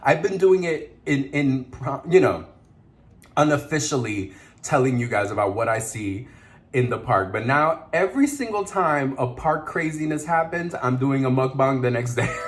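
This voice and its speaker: A man's voice: medium pitch, animated, unhurried. Chatty man eating while telling stories. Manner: chatty, laughing, mixes in Spanish words. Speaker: mukbang vlogger. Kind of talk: casual story time while eating.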